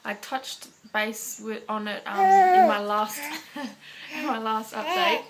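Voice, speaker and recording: A woman's voice: fairly high pitch, animated, slow pace, a little hiss or hum. An Australian woman chatting casually to camera as a parenting vlogger, rambling along with lots of fillers.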